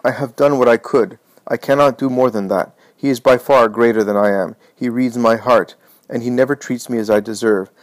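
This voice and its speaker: A man's voice: mid-range voice, fairly even intonation, normal speed, no echo, close to an everyday voice. A man voicing an anguished male disciple who pleads and accuses himself, in a dramatized reading of a religious book.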